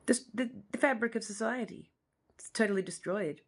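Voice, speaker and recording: A fortyish Australian woman with a voice on the high side talks at a moderate pace straight into the camera at home. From her living room, the vlogger pours out an emotional personal monologue that rambles and often repeats itself.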